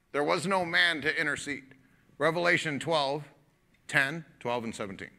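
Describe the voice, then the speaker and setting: A man's voice: fairly high pitch, moderate pace, gravelly, bright, forceful tone. A man preaching a sermon as pastor, folksy and joking, often laughing and acting out quotes.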